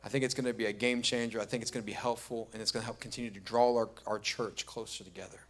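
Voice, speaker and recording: A man's voice: fairly low pitch, steady tone, fast talker, fairly bright tone. A middle-aged man preaching a sermon as pastor, telling stories conversationally and building to emphatic repeated points. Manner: conversational storytelling, rising to emphatic repetition.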